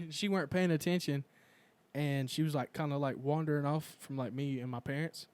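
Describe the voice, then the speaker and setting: A young man hosting a casual chat, telling profane stories and shouting out quoted lines. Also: on the high side, fairly even intonation, moderate pace, smooth. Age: young adult. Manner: profane storytelling, loud acted quotes. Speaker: podcast host.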